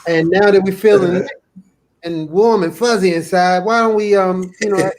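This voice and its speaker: Excitable high-voiced man hosting a call. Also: normal speed. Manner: playful, excitable, laughs often. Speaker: host of a live video call show. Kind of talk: casual live-stream banter.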